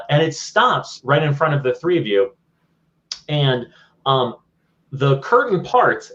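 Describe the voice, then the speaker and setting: A man narrating as game master in a tabletop game, in a casual, rambling way. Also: medium pitch. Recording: dull lo-fi audio.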